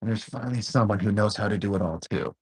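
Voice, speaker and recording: A man's voice: fairly low pitch, fast, breathy edge, low-quality recording. A man co-hosting a casual chat, laid-back and swearing freely as he tells stories. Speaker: co-host.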